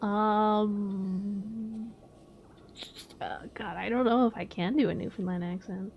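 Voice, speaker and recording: A woman's voice: medium pitch, steady tone, slow, gravelly, highs cut off, a little hiss or hum. A woman from Atlantic Canada chatting casually with her live-stream viewers, swearing and laughing often. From Maritimes, Atlantic Canada.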